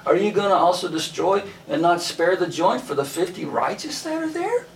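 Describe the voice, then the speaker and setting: Higher-pitched man leading a Bible study, casual and folksy, in an echoey room with the mic far off. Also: very animated, normal speed, slight background noise. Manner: folksy, retells scripture in slang.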